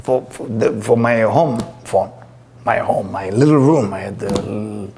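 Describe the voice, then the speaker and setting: Gravelly animated spiritual teacher. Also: male voice, on the low side, unhurried, slight background noise. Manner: animated, acts out voices in his stories; uses non-native English grammar. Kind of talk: storytelling lecture.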